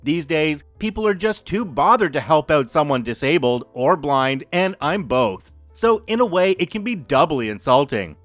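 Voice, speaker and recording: A man voicing a gentle, witty elderly blind man who speaks softly but concisely. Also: a little high, expressive, moderate pace, few pauses, no echo, soft background music, lightly acted. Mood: wry.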